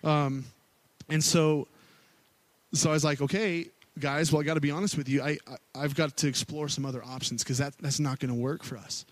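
A man's voice: fairly even intonation, normal speed, no echo. Candid storytelling man preaching. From Missouri. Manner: candid storytelling, rising to loud pleading then dropping low. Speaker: worship pastor. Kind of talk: sermon.

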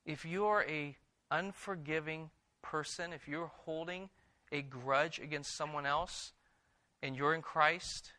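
A man's voice: on the high side, steady tone, slow pace, sharp tone. A man preaching a sermon, reading scripture aloud and then exhorting his congregation with emphatic repetitions. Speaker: pastor.

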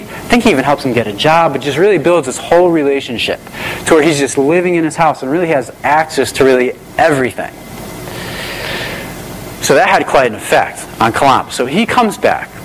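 A man's voice: mid-range voice, slight background noise, rough recording. A male pastor telling a story in a sermon, enthusiastic and conversational, repeating phrases.

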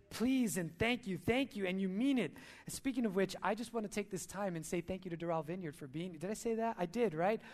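A male pastor preaching a sermon at a church service, emphatic, repeating key lines and asking rhetorical questions. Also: high voice.

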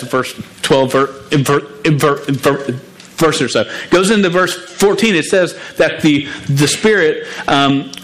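A man's voice: on the high side, fairly bright tone. A man preaching to a youth group as their youth pastor, earnest and emotional, often restarting and stumbling over his words.

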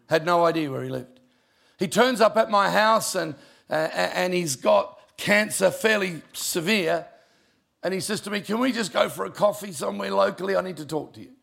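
An older man, a pastor telling personal stories in a sermon, emotional and conversational, with a gravelly voice. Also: high-pitched, moderate pace, fairly bright tone. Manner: emotional, conversational storytelling with asides. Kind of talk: sermon storytelling.

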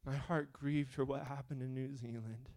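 A man preaching a sermon, moving between quiet questioning and loud, fervent appeals. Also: medium pitch, steady tone, normal speed.

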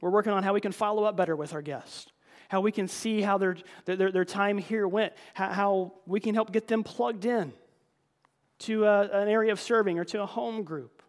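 In church, a pastor delivers an earnest, conversational sermon, repeating words often and calling the congregation folks. His voice is high and his speed normal.

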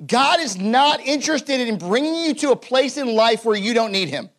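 A man's voice: very high-pitched, expressive, moderate pace, fairly bright tone. A man preaching a sermon in a casual, conversational way, acting out the scripture he reads. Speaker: pastor.

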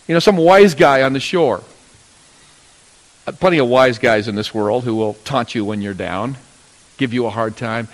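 A man preaching a sermon, telling a Bible story and acting out its characters in sudden loud bursts. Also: mid-range voice, moderate pace. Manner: storytelling, acting out voices of biblical figures with sudden loud rises. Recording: long hall reverb.

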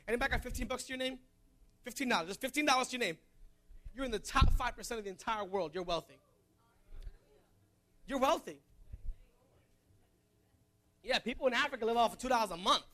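Very high-voiced, bright preacher. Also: male voice. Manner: joking asides that swing to loud exhortation. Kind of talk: sermon.

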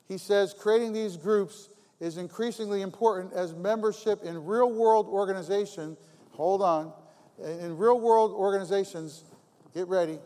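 A man's voice: high voice, mellow. A man preaching a sermon as pastor, talking conversationally and repeating phrases for emphasis. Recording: long hall reverb.

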